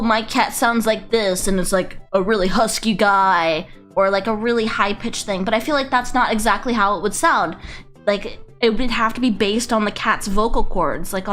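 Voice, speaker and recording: A woman VTuber chatting on a casual livestream, rambling, excitable and swearing freely. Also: medium pitch. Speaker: VTuber streamer.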